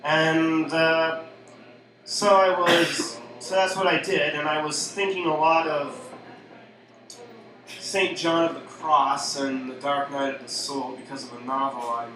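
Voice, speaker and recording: A man's voice: a little high, steady tone, slow. A man, a poet, casually and hesitantly introducing his next poem at a live reading night in a small cafe. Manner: rambling, offhand, hesitant with fillers. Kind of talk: casual intro between poems. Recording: echoey live room from far off, crowd.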